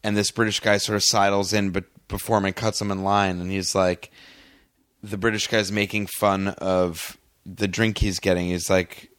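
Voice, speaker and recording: Low-voiced rambling man, dry close mic. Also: level tone, fairly bright tone, no room sound. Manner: rambling, halting, quotes scenes in put-on voices. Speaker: podcast host. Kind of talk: casual chat.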